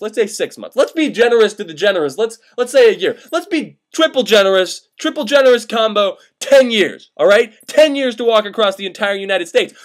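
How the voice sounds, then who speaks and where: A young man retelling an old myth as profane comedy, sarcastic and exasperated, swearing freely. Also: high-pitched. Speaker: comedic storyteller.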